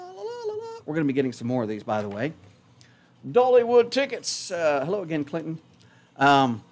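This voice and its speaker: Lively, chatty male radio host. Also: on the high side. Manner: rambling, self-mocking, chatty. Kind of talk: casual radio chat. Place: radio studio.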